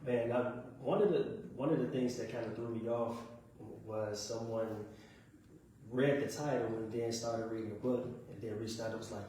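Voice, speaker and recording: A man from Chicago, a guest author on a radio show, talking in a relaxed, chatty way and often saying "man". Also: mid-range voice, normal speed. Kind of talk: casual radio interview. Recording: echoey room, far from mic, faint noise.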